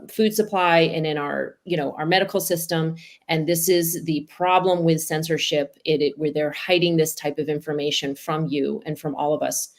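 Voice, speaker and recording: Woman host on a podcast, kinda low voice, earnest, tells a story to wrap things up.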